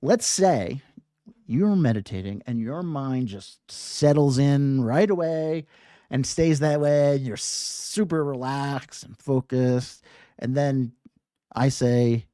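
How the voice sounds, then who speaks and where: Speaking at a slow pace, a meditation teacher keeps a live class engaged with a playful, casual style, often checking in with "right?" amid lively pitch changes. It's a dry, studio-quality recording.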